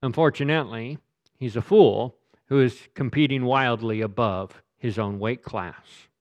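A man's voice: medium pitch, measured pace, a little mellow, muffled recording. A man preaching a sermon as pastor, speaking emphatically and often repeating words as he presses a point.

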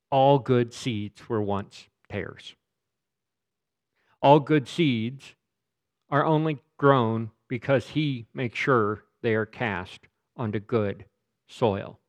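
A man preaching a sermon as pastor, speaking emphatically and often repeating words as he presses a point. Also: medium pitch.

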